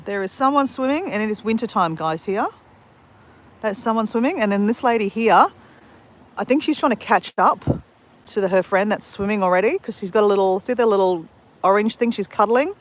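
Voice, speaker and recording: An Australian woman vlogging live outdoors at a beach at dawn, chatting in a rambling, fast-talking way with lots of restarts. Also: mid-range voice. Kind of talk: live-stream chat on a beach walk.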